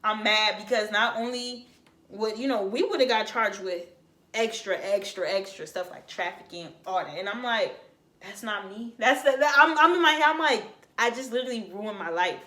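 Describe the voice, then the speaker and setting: A young woman from Florida telling a casual storytime, slangy and animated, acting out what other people said. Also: mid-range voice, normal speed. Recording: echoey room.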